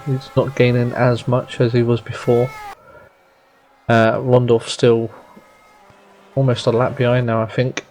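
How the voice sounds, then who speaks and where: A man co-commentating an online sim race in a relaxed, easygoing way. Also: medium pitch, a little slow, pauses often, a little hiss or hum.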